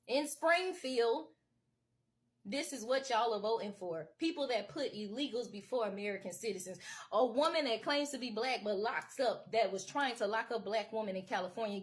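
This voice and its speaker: Fiery, preachy woman ranting to camera. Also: on the high side. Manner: emphatic, repetitive, preachy calls to wake up; casual vernacular with lots of y'all. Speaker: political commentator. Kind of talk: impassioned political rant to camera.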